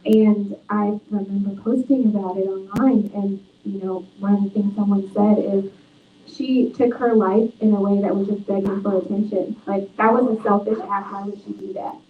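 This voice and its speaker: A woman's voice: medium pitch, fairly even intonation, moderate pace, slight background noise. A woman author speaking at a book talk, telling stories earnestly and reflectively. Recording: tinny, echoey, far from mic.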